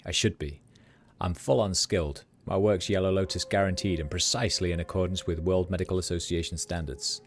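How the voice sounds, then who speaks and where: A man's voice: low voice, slight background noise. A man doing a hungover Midwestern street doctor. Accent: Midwestern American. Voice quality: loose, words piling together. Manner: jokey, laid-back, boastful. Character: hungover cheerful middle-aged male street doctor. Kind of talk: reading game dialogue aloud on a livestream.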